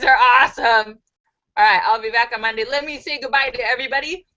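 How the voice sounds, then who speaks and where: A woman's voice: on the high side, fairly even intonation, fairly quick, sharp tone. A woman hosting a live stream, reading jokes aloud casually and giggling often, on dull lo-fi livestream audio. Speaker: livestream host.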